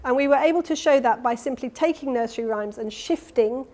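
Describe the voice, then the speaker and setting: A woman's voice: high voice, brisk, a little mellow. An older woman giving a keynote academic lecture at a conference, explaining her slides step by step. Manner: explanatory, talks through slides, demonstrates sounds. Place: conference hall.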